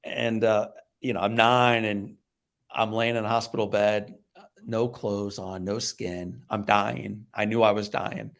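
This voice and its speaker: A middle-aged man from the Midwest, a motivational speaker and podcast guest, telling a personal story in an animated way, hushing low and then getting loud. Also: measured pace, creaky. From American Midwest. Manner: animated storyteller, acts out voices and swings from hushed to loud.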